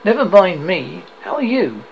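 A woman's voice: on the low side, sing-song, unhurried, vocal fry, lo-fi sound, a little hiss or hum, full character voice. A man reading the lines of a tearful, anxious young woman who blames herself, in a sobbing tone, in a storybook reading. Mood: upset.

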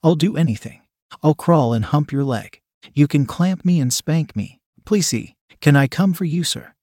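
A man's voice: a little high, moderate pace, a little mellow, no room sound, studio quality. A man voicing an eager, submissive young woman who pleads and stammers breathlessly. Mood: pleading.

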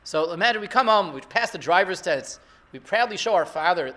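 High-pitched, bright-voiced rabbi giving a sermon. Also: male voice, brisk. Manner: rhetorical, builds to excited emphasis. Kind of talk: Torah sermon.

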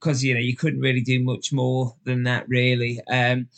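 A man's voice: mid-range voice, completely flat delivery, moderate pace. Liverpudlian man, podcast guest, loose anecdotal storyteller with plenty of "you know". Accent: Liverpool English. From England. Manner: chatty storyteller, lots of fillers, acts out voices. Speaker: guest, ultra endurance runner. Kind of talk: casual podcast chat.

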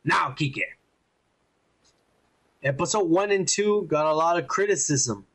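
A man's voice: a little high, measured pace, a bit bright. Rambling, profane man on a podcast. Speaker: podcast co-host. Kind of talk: casual chat.

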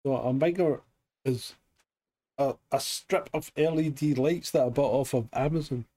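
A man's voice: mid-range voice, moderate pace, mellow, no echo. A man co-hosting a casual live stream chat, joking in an offhand way. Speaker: co-host.

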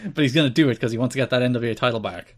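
A man co-hosting a casual podcast, eagerly recounting old wrestling shows and dropping into quick impressions. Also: medium pitch, husky. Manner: enthusiastic, retells matches with quick impressions. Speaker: podcast co-host.

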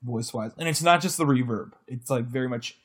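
A man co-hosts a casual review podcast, talking at a middle pitch. He is chatty and laughs easily. He often acts out quotes in the middle of his points. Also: fairly quick. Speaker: podcast co-host. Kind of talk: casual chat reviewing episodes.

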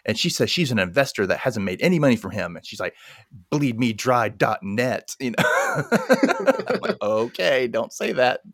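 A man's voice: lowish voice, no echo, clean studio sound. A man casually recapping a film plot and acting out the characters' lines in a chatty way. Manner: animated, acts out the characters' lines. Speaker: podcast co-host.

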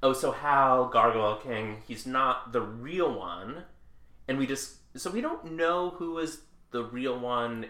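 A man co-hosting a podcast, enthusiastic and quick to laugh while recapping a TV episode. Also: mid-range voice, pushed and bright. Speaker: podcast co-host. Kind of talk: casual chat about a TV show. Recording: roomy echoey room.

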